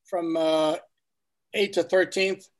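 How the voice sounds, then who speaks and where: A man's voice: high voice, fairly even intonation, slow. A man guest reporter discussing football in casual talk, making emphatic points.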